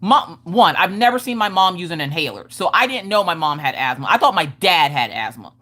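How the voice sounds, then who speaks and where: A woman hosting a relaxed livestream, chatting with her viewers and wandering off into animated stories and side tangents. Her voice sits fairly low, but her pitch swings widely and her tone stays bright and sharp. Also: brisk. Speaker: livestream host. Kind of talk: casual chat with live chat readers.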